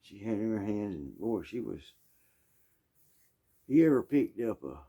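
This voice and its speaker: Southern guy spinning a long rambling yarn, low mellow voice, keeps clearing his throat. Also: very animated, measured pace. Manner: rambling and folksy, full of asides and throat-clearing. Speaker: musician telling a story. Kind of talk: casual storytelling.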